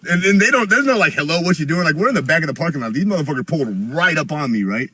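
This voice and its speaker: Husky man telling a profane story. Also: very fast, no room sound. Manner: profane, rambling, gets louder and higher when excited. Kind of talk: casual storytelling.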